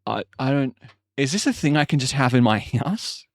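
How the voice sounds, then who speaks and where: A man's voice: mid-range voice, animated, normal speed, dry recording, studio quality. A man chatting casually on a live stream, rambling and joking, with frequent swearing. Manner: rambling, jokey, swears often.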